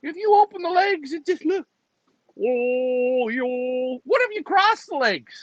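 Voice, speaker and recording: A man hosting a pigeon club livestream, joking loudly and teasing with animated banter. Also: very high voice, fairly quick, no room sound. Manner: joking, loud, animated, mocks others. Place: indoor pigeon club room. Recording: slightly dull lo-fi sound.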